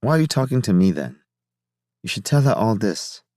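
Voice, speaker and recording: A man's voice: fairly low pitch, big pitch swings, normal speed, no echo, studio quality, voice pushed up. A man voicing a jovial older male scientist who teases and coaxes his younger colleague in a playful, fatherly way. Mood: coaxing. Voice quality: rich, warm laugh.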